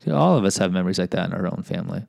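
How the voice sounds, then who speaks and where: A man's voice: deep voice, expressive, rapid-fire, creaky, darkish tone, dry recording. A man telling personal stories in a casual monologue, candid and self-deprecating, often restarting and adding asides.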